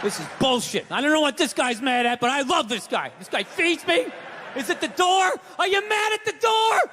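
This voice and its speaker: A man voicing an excitable, loyal female pit bull who talks gruffly and eagerly, with plenty of swearing. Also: very high-pitched, moderate pace, background noise, voice pushed up. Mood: riled up.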